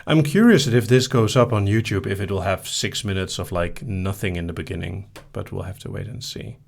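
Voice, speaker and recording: A man hosting a live hypnosis stream, casually reading viewer questions aloud and answering them in a soft, easygoing way. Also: low voice, a little fast, gravelly. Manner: soft-spoken, easygoing, reads each question aloud then answers briefly.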